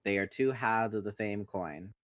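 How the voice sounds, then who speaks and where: A man's voice: lowish voice, normal speed, crowd noise. A man hosting a podcast, reading a novel aloud with joking asides, on a dull, lo-fi recording. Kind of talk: casual book read-along.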